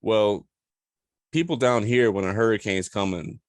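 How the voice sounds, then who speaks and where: A man's voice: fairly low pitch, measured pace, dry recording, studio quality. A man from Louisiana with a Southern accent, hosting a podcast and asking blunt, joking questions in casual chat. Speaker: podcast host.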